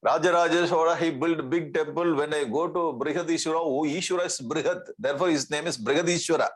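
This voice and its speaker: A man's voice: fairly high pitch, fairly even intonation, quick pace, low-quality recording. A man giving a spiritual lecture as a swami, repeating Sanskrit terms and checking in with his listeners. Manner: repeats Sanskrit terms, asks "okay?" often; light humor, chuckles. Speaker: swami teaching scripture.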